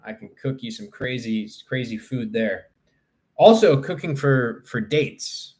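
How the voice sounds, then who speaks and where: A man's voice: medium pitch, lively intonation, unhurried, darkish tone. A young man chatting casually on a livestream, rambling and joking crudely as he answers his chat. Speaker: live streamer.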